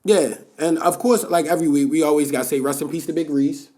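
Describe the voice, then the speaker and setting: A man's voice: a little high, fast. A man co-hosting a podcast, chatting animatedly and tagging his sentences with "yo". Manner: animated, ends phrases with "yo". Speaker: podcast co-host. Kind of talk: casual chat.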